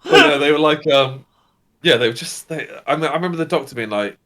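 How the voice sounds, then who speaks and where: A man's voice: fairly high pitch, fast. Man telling a story. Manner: animated, swearing, laughing storyteller. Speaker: game master host. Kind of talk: casual chat, storytelling anecdote.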